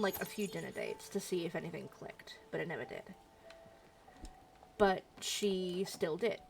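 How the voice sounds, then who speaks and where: A woman's voice: mid-range voice, slight background noise. Chatty woman streamer talking over a game. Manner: chatty, opinionated, frank. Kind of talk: casual game commentary.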